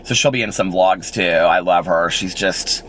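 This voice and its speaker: Bright-voiced chatty man vlogging. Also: sits low, normal speed, slight background noise. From Indiana, United States. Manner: chatty, rambling, full of "like" and laughs. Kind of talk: casual storytelling vlog.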